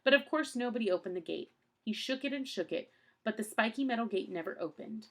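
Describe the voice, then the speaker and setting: A woman's voice: a little high, lively intonation, fairly quick. A woman reading a children's novel aloud in a plain storytelling voice, with a few small slips. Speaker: audiobook reader.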